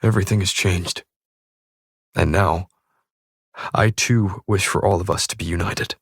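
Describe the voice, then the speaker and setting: Low-voiced man narrating an audiobook. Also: steady tone, a little slow, fairly bright tone, slightly rough, no echo, clean studio sound. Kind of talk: first-person audiobook narration.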